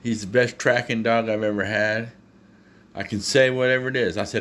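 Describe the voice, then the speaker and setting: A man telling casual stories to the camera at home about his dog, animated and chuckling as he goes. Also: lowish voice, moderate pace. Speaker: dog owner.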